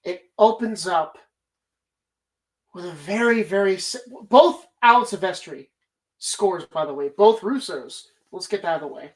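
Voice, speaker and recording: A woman's voice: lowish voice, measured pace, rough recording. A woman hosting a casual movie bracket show, talking animatedly and rambling, swearing freely as she argues her picks. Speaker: podcast host.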